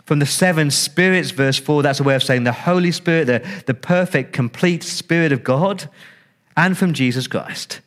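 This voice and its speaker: A pastor delivers a conversational sermon, repeating words and acting out how listeners react with big swings in pitch. He speaks at a moderate pace in a fairly bright tone.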